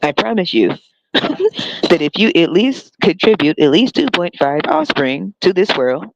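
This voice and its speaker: A smug, scheming politician, as a podcaster puts him on, drawing out empty promises in slow, mock-solemn tones. The voice is dry and close, recorded on a dull, lo-fi mic with a mid-range pitch. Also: big pitch swings, creaky, no room sound. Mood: mock-earnest. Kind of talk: comic impression in a podcast rant.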